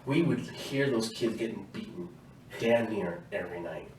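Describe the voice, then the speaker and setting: A man talking as the guest in a casual podcast interview, telling lively stories from basic training and laughing often. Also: on the low side, normal speed, roomy sound, distant mic, a little hiss or hum, poor audio. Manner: animated storyteller, laughs often. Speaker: guest, army veteran.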